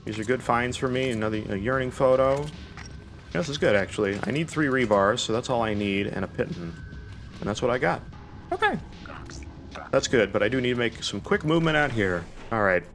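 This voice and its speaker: A man's voice: mid-range voice, lively intonation, fairly quick, fairly bright tone, faint music behind. Panicky young man narrating his gameplay. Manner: panicky, rambling, self-talking with nervous laughs. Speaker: gaming YouTuber. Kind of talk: live gameplay commentary.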